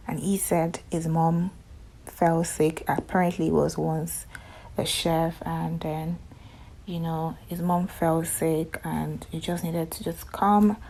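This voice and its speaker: A woman's voice: low voice, vocal fry, darkish tone, husky. A woman casually recapping a romantic movie for her viewers, chatty and gushing, breaking into sudden squealed exclamations.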